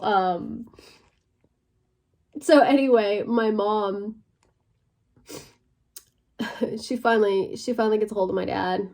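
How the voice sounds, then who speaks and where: A young woman vlogging, telling a personal story in a casual, conversational way, full of fillers, sometimes dropping to a near whisper. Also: mid-range voice. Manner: conversational, many fillers, drops to a near whisper at tense moments.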